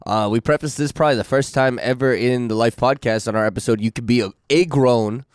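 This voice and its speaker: A man's voice: medium pitch, brisk, smooth, no echo, clean studio sound. A young man co-hosting a podcast, casually steering the talk to the topic. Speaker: podcast co-host leading the topic. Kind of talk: casual chat.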